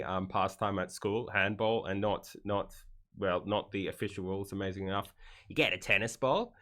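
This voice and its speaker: A man's voice: fairly low pitch, fairly bright tone. An Australian man streaming casual commentary on memes, wry and rambling with joking asides.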